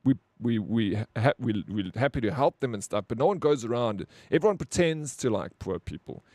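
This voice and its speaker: A man's voice: medium pitch, expressive, normal speed, a little mellow, no echo. A South African man chatting casually to his live-stream viewers, blunt and profane, rambling with lots of "bro".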